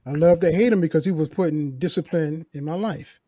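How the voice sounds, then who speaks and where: A man's voice: on the high side, a little fast, mellow, no room sound. A man on a talk show telling a personal story in an earnest, emphatic way, often repeating key phrases. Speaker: co-host sharing a personal story. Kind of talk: casual conversation, storytelling.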